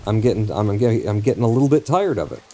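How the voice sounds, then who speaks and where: A man's voice: fairly low pitch, expressive, very fast, warm tone, a little hiss or hum. A man streaming a game live, talking to himself and the game in a rambling, profane way. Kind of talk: live gameplay commentary.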